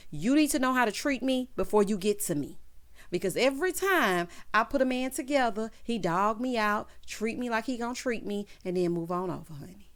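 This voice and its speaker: Sassy woman recapping a TV show. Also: medium pitch. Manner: sassy, talks straight to viewers, acts out quotes. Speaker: TV recap host. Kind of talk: casual show recap and commentary.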